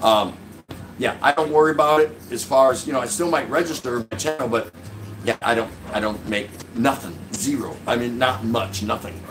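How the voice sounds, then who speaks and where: A man's voice: mid-range voice, moderate pace, noisy background. A man in his sixties hosting a casual live stream from his couch at home, reading viewer comments aloud and joking with a chuckle. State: drinking beer while talking.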